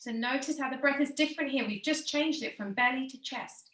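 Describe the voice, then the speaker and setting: A woman leading a guided breathing and posture lesson in a slow, soothing, gently encouraging way. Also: sits high, reverberant, poor audio.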